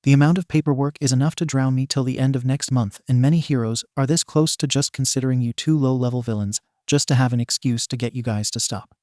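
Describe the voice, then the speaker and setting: A man's voice: medium pitch, quick pace, few pauses, warm tone, dry recording, clean studio sound, natural voice. A man voicing a stern, tired middle-aged detective in a storybook reading. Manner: stern, weary.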